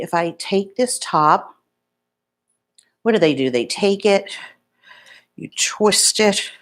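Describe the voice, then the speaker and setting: A woman in her fifties, chatting casually and rambling as she talks to her viewers by name at home. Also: sits low. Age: 50s. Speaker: beauty vlogger. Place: home in Florida.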